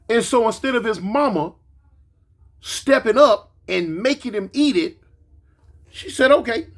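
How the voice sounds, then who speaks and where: Man, 40s, grandfather. Raised voice, animated storytelling, acts out every quote. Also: high voice, breathy edge. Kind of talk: casual storytelling monologue.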